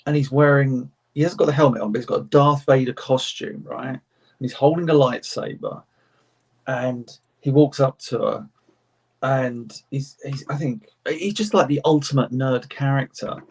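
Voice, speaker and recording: A man's voice: medium pitch, moderate pace, creaky, slightly rough. A man, an author on a panel, telling rambling convention anecdotes in casual chat with frequent laughs.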